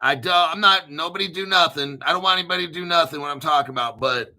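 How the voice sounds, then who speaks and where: A man hosting a casual crypto livestream, rambling excitedly with frequent laughs and restarts. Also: fairly high pitch, quick pace.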